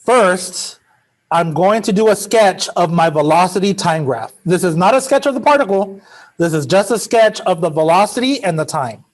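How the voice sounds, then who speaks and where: A man's voice: high-pitched, expressive, moderate pace. A male math teacher giving a classroom lecture in a casual, joking way, drifting into chatty asides.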